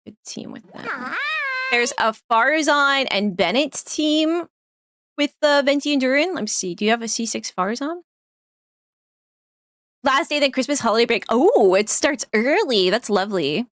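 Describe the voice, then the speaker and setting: A woman's voice: high voice, lively intonation, moderate pace, fairly bright tone, no room sound, studio quality. Chatty woman streaming a game. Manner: chatty, laughs often, trails off while thinking. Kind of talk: casual gameplay commentary.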